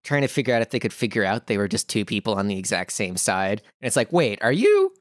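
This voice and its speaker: Podcast cohost guy, animated and sweary, dry close mic. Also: lowish voice, fast talker, no room sound. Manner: animated, swears casually, acts out quotes. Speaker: podcast co-host. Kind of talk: casual chat recapping a reality show.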